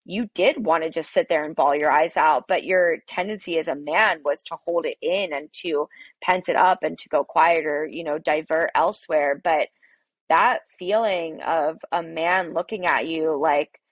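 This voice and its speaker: A woman's voice: deep voice, moderate pace, no echo. A woman coffee shop owner, a podcast guest telling her story in a candid, emphatic way. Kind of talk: podcast interview, personal storytelling.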